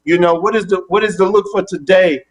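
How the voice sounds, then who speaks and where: High-voiced older man telling a story. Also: a little fast. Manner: animated storyteller who acts out both sides of phone calls. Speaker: guest. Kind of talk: casual interview storytelling.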